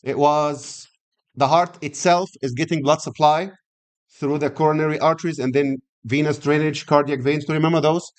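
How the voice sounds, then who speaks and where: A man's voice: on the high side, fairly even intonation, moderate pace. A middle-aged male lecturer. He teaches anatomy in a classroom style, repeating key words and checking in with students through frequent questions.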